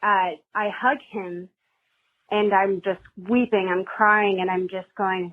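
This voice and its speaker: A woman's voice: medium pitch, fairly even intonation, a little slow. A woman caller leaving a rambling, nervous voicemail on a podcast hotline, telling a personal story. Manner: rambling, nervous, self-deprecating. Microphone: phone. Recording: tinny phone line.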